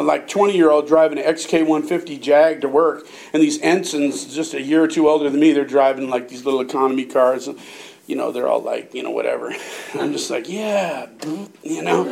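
A man's voice: a little high, vocal fry, darkish tone. An older man telling a rambling, profane story in casual chat, often laughing as he talks. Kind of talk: casual anecdote.

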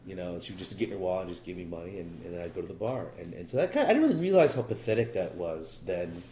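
Middle-aged man, lowish voice, rambling self-deprecating testimony with wry humor, echoey room with faint hiss. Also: sing-song, racing, dark tone. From California. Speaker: recovery meeting speaker. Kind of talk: personal testimony talk.

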